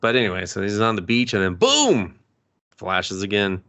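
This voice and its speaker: A man's voice: lowish voice, wildly swooping pitch, moderate pace, bright, forceful tone. A man co-hosting a podcast, chatting casually as he retells a movie and acts out the characters' lines. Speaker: podcast co-host. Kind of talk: casual movie review chat. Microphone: podcast microphone.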